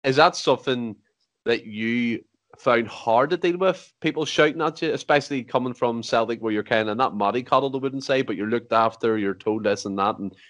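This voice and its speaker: A man's voice: mid-range voice, fairly quick, dry recording. A man hosting a podcast, asking long, chatty, rambling questions. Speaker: podcast host. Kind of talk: casual interview questions.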